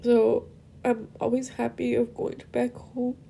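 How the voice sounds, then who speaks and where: Tearful young woman with a gravelly voice. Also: a little high, little pitch movement, measured pace, mellow, a little hiss or hum. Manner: emotional, rambling, switches between English and Spanish. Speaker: podcast host. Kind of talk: personal monologue.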